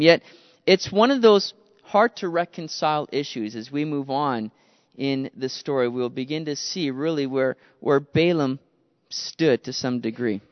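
A man preaching a sermon in an earnest, conversational manner, reading the verses aloud and then talking them through. His voice sits high for a man. The recording is dull, with a long reverb tail from a large hall.

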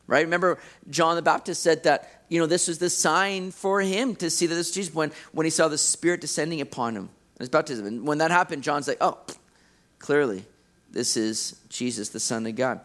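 A man with a high voice preaches a sermon. He talks in an animated way and acts out the people he quotes. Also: a little fast, few pauses. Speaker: pastor.

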